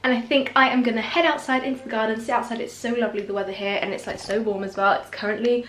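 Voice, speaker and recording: Young british woman, higher voice, bubbly chatty vlogger, echoey room, faint hiss. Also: steady tone, quick pace, fairly bright tone. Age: young adult. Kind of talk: casual food vlog chat. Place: home kitchen and garden.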